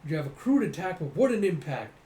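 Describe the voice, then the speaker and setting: A man reads through a comic with animated narration and acted-out sound effects. His voice sits a bit high with a dark, mellow tone. It sounds like an echoey room with a faint hiss. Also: brisk. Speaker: comic readthrough host. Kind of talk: casual comic readthrough.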